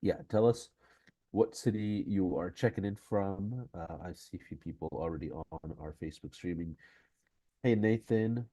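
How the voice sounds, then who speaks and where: A man's voice: deep voice, moderate pace, dark tone, no echo. Congested man hosting a live stream. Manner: chatty, with many fillers and restarts. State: congested, nasal from a cold. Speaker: host of a live-streamed course session. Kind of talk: casual live-stream talk to viewers. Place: conference venue.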